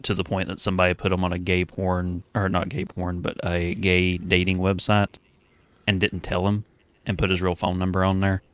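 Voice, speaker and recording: A young man co-hosting a podcast, telling a prank story in casual chat, dry at first, then shouting and laughing. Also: deep voice, clean tone, no echo. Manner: deadpan storyteller who breaks into shouts and laughter. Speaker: podcast co-host.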